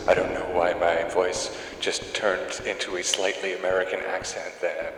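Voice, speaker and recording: Low-voiced Australian man rambling over gameplay. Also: flat delivery, moderate pace, few pauses. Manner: rambling and tangential, full of fillers. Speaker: game developer. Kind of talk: gameplay commentary. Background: game sounds and noise.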